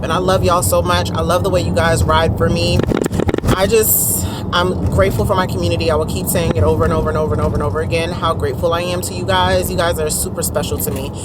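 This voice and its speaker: A woman's voice: fairly low pitch, heavy background noise. A woman, chatting casually to viewers in her vlog. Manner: chatty, addresses viewers as y'all. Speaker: vlogger.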